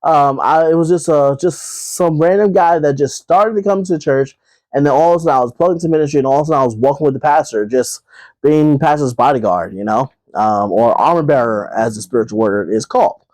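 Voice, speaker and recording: A man's voice: fairly high pitch, brisk, a little mellow, dry recording, low-quality recording. A man hosting his own podcast, talking casually and straight to his listeners, with lots of fillers and repeated phrases. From Brooklyn, New York. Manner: chatty, addresses listeners as y'all, many fillers and repeats. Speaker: podcast host. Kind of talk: casual solo podcast monologue.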